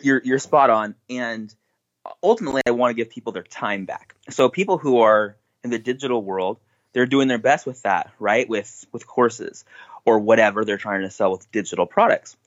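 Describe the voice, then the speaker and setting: A man's voice: mid-range voice, muffled recording. A man being interviewed as a podcast guest, talking in an upbeat, enthusiastic way and laughing easily. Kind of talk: casual interview chat.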